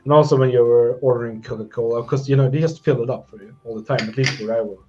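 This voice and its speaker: A man's voice: mid-range voice, fairly even intonation, fast, a little mellow, faint music behind. A man from Sweden chatting casually as co-host, rambling and trailing off mid-sentence. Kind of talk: casual chat. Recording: dull lo-fi audio.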